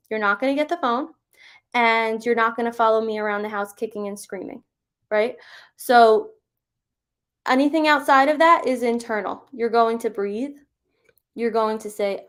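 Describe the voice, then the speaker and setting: A woman giving parenting advice in a live question-and-answer session, conversational and reassuring, often checking in with "right?". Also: a little high. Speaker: parenting coach.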